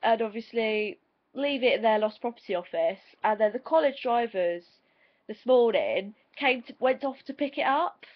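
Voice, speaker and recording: A woman's voice: fairly high pitch, normal speed. A teenage woman with an English accent telling a story in a casual vlog, chatty and giggly with dramatic retelling. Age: teens. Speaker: vlogger. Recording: dull lo-fi home video audio.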